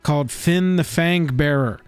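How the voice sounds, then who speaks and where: A man co-hosting a casual chat about card prices, animated and joking in his asides. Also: a little high, measured pace, clean tone, no echo, soft background music. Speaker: co-host.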